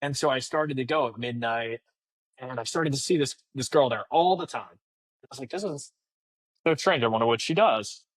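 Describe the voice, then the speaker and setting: A man in his thirties appears as a podcast guest, telling stories casually and chattily with lots of fillers. His medium-pitched voice moves at a moderate pace, with no room sound in the recording.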